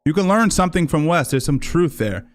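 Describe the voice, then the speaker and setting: A man's voice: on the high side, animated, a little fast. A man hosting a livestream, reacting to clips in a rambling, casual way, often correcting himself and swearing. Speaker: livestream host.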